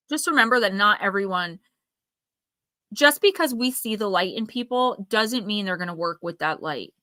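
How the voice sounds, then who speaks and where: A woman's voice: mid-range voice, sharp tone, no echo. Chatty New Jersey woman in her forties. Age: 40s. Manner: chatty, talks to viewers by name, quick asides. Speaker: tarot reader hosting a live stream. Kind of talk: live-stream intuitive reading.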